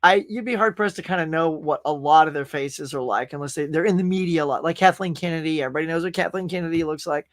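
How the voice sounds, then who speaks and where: A man's voice: a little high, quick pace, few pauses, dry recording, clean studio sound. A man hosting a casual pop-culture live stream, rambling through stories and reading viewer comments aloud. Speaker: podcast host.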